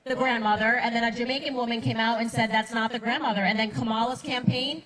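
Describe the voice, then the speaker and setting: High-voiced woman telling a story on stage. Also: fairly even intonation, quick pace, low-quality recording. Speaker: political commentator. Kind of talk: storytelling on a live panel. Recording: live stage with loud crowd.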